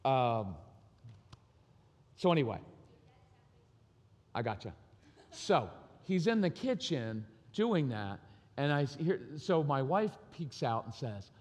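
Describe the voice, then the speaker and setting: A man's voice: mid-range voice, slow, long pauses. Middle-aged man, joking speaker in a reverberant hall. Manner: lively, joking, self-deprecating, acts out voices. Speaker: parenting speaker. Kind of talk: conference talk, storytelling. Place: large hall at a live conference. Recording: long reverb of a large hall.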